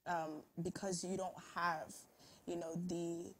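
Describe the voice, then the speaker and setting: Young woman guest, low voice. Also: little pitch movement, takes it slowly. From grew up abroad, Ghanaian parents. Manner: open, storytelling. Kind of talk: casual chat.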